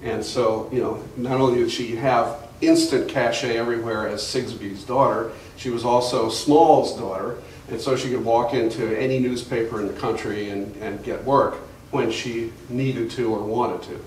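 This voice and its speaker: This older man speaks in a steady, slightly mellow mid-range voice at a moderate pace, with hardly any pauses, while telling meandering family stories as a museum guest speaker, full of fillers and restarts. A distant camera mic in the gallery audience records an echoey, remote room with faint hiss.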